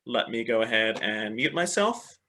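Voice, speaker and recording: A man's voice: mid-range voice, very animated, moderate pace, sharp tone, a little hiss or hum. A man presenting a teacher training webinar over a video call, upbeat and encouraging, often repeating "excellent" and checking in with "right?". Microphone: computer mic on a video call.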